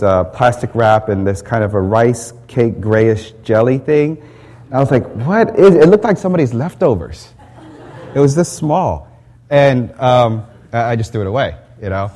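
Preaching a conversational sermon at a church service, a male pastor keeps things chatty and self-deprecating, frequently starting his sentences over. His pitch is middling and his tone somewhat dark.

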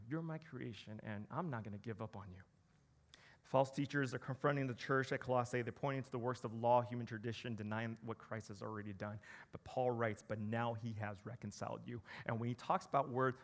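High-voiced man preaching with animated flair. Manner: animated, conversational preaching with jokes and acted quotes. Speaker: pastor. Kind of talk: sermon.

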